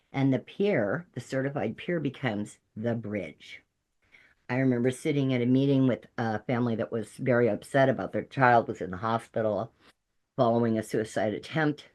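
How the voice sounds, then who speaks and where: A middle-aged woman who works as a peer counselor, telling stories to a group in a lively way and acting out the voices of the people she quotes. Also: very deep voice. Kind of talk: storytelling talk to a peer audience.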